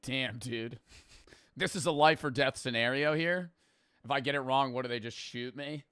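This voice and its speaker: A man's voice: medium pitch, moderate pace, a bit bright, clean tone, no room sound, studio quality. A young man, riffing loosely and profanely as he reacts to a video on stream. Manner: loose, profane, joking, talks over the video. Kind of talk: casual reaction commentary.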